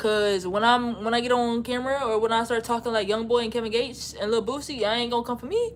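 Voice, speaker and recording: A woman's voice: a little high, steady tone, quick pace, a little hiss or hum. A young woman from Louisiana with a Louisiana accent, casually chatting on a livestream in a slangy, frank, rambling way. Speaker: livestream host. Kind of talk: casual livestream chat reading comments.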